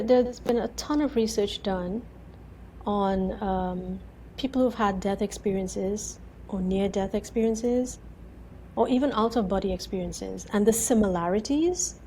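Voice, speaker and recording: A woman in her thirties, a guest in an interview, telling her story in an animated way, full of repeated "and"s and acting out her own words. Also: a little high, a little hiss or hum, low-quality recording. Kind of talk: conversational interview.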